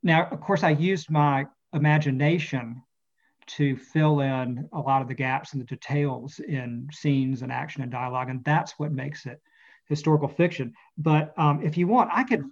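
A male author as an interview guest, talking through his novel and reading from it. He speaks haltingly, with many fillers and repeated words, in a slightly high voice. The recording is dull and lo-fi. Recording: muffled lo-fi audio.

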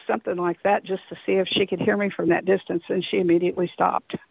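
Over a tinny, dry phone line, a woman calls in to tell a long story about an encounter, hesitant and rambling with many restarts. Her voice is fairly low, with little pitch movement, a quick pace, vocal fry, and a slightly rough edge, with no echo.

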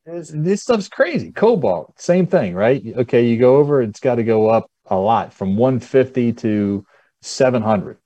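A man's voice: mid-range voice, animated, a little slow, dark tone, dry recording. A man appearing as a guest expert on a podcast, talking bluntly and chuckling often as he walks through charts. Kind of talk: casual podcast conversation.

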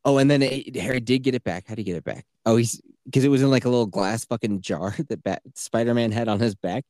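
A man chats on a podcast in a middle-pitched voice, cursing freely as he retells a game plot. He slips into sneering put-on voices for the characters. The sound is dry and close, with no room around it. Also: quick pace, no room sound. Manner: profane, animated storytelling with mocking quoted voices. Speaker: podcast co-host. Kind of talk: casual chat.

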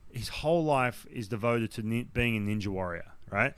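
A man's voice: medium pitch, moderate pace, smooth, dry recording. A man telling a story in casual chat, acting out the quotes. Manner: animated storyteller, acts out quotes loudly. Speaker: podcast guest telling a story.

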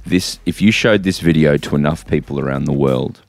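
Deep-voiced man, deadpan rambling. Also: brisk, no room sound, soft background music. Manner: rambling, sarcastic, mock-grand. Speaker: podcast co-host. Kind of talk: casual chat. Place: studio room in London.

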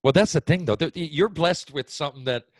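A man hosting a casual interview, relaxed, laughing along and asking follow-up questions. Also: fairly high pitch, a little fast, no echo. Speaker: podcast host.

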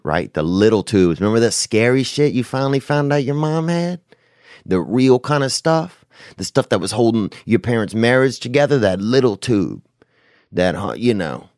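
A man's voice: low-pitched, dry recording, studio quality. A man hosting a talk show, telling rambling comic stories full of slang and swearing. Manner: profane, animated, slangy. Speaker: podcast host answering listener questions. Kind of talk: rambling comedic storytelling.

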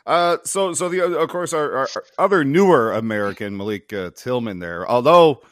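A man's voice: medium pitch, lively intonation, moderate pace, no echo, clean studio sound. A man co-hosting a football podcast in casual chat, bantering wryly and teasing his co-hosts. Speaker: podcast co-host.

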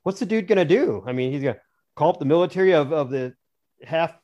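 A man's voice: on the high side, expressive, fast, warm tone, lo-fi sound. A man on a podcast as a guest author, chatting casually in a rambling, jokey way with frequent restarts. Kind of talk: casual chat.

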